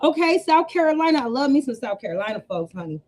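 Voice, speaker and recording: A woman's voice: high-pitched, sing-song, fast talker. A woman business coach hosting a casual livestream, chatty and familiar, calling her viewers y'all and honey. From US West Coast. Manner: chatty, warm slang, laughs often, addresses viewers as y'all and honey. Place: home room. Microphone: webcam setup with two cameras.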